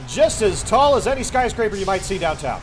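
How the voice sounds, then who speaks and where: A man putting on the voice of an excited male sports announcer, giving dramatic mock play-by-play over a game. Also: brisk, noisy background. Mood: hyped. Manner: booming, dramatic play-by-play hype. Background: faint background music.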